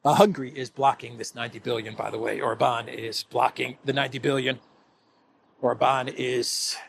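A man's voice: fairly high pitch, creaky, a little hiss or hum. Sarcastic laughing male commentator. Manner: sarcastic, laughs often, repeats phrases. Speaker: political commentator. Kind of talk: casual solo commentary.

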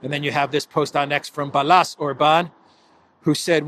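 A man's voice: a little high, fairly even intonation, normal speed, fairly bright tone. A man giving casual solo political commentary, sarcastic, laughing often and repeating phrases.

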